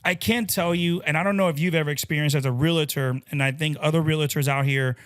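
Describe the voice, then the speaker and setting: A man co-hosting a casual podcast as a loan officer, explaining loan terms in quick lists and acting out the people in his stories. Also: fairly high pitch, clean tone. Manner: animated, acts out quoted people mid-story.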